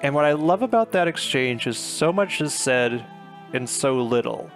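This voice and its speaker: A man's voice: mid-range voice, expressive, normal speed, soft background music. A man giving a chatty, filler-heavy recap of a novel chapter, retelling scenes with paraphrased quotes. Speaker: book reviewer. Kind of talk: casual book recap.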